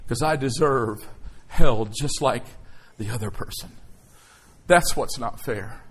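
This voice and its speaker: A man preaching a sermon as pastor, emotional and emphatic, swelling from quiet to loud declarations. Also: mid-range voice, takes it slowly, husky.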